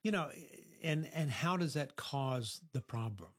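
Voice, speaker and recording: A man's voice: medium pitch, animated, measured pace, fairly bright tone, dry recording, studio quality. A middle-aged man interviewing a teenager at a youth program, asking probing, reflective questions. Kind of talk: counseling-style interview.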